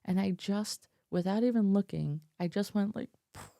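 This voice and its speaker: A woman shares a personal story with her vlog audience in a chatty way, laughing and using many fillers. Her mid-range voice is gravelly yet mellow, at a normal speed. The desk mic is close up, with no echo.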